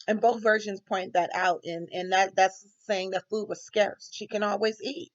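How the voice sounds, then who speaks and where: A woman's voice: mid-range voice, fairly even intonation, moderate pace, few pauses, lo-fi sound. A woman student recording a class reflection, talking hesitantly with many ums.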